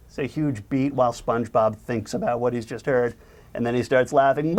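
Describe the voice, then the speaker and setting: A man in a making-of feature who explains how episodes are written, then pitches a cartoon scene by acting it out. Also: fairly quick, noisy background. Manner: lively, acts out scenes. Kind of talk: animated story pitch.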